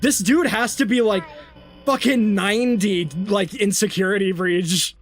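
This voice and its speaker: A man's voice: high voice, unhurried, faint music behind. A man co-hosting a game stream, playful and laughing along in casual banter. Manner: playful, laughs along, mock-stern bits. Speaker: co-host. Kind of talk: casual gaming stream chat.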